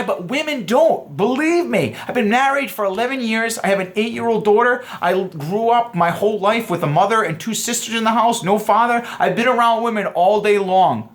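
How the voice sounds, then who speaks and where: A man in his thirties giving a casual dating lesson, animated, acting out quoted lines in shifting voices. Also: high-pitched, moderate pace, hardly any pauses. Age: 30s. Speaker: dating coach.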